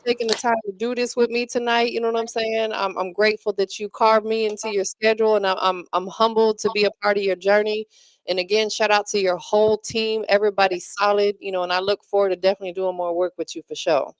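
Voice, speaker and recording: An upbeat woman hosts a casual online listening party, piling on shout-outs and thanks. Her voice sits at a middle pitch. The sound is dry and close, with no room behind it. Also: flat delivery, quick pace, no echo. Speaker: host. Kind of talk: casual chat.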